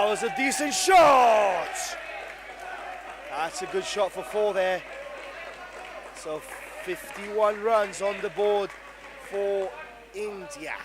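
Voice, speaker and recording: A man giving live cricket commentary, excitable, breaking into shouts when something big happens. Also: fairly high pitch. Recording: noisy crowd at an indoor venue. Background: crowd and venue noise.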